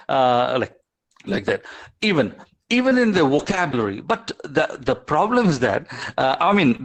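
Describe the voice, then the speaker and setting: A man giving an online lecture, halting, with many fillers and restarts. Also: a little high, poor audio.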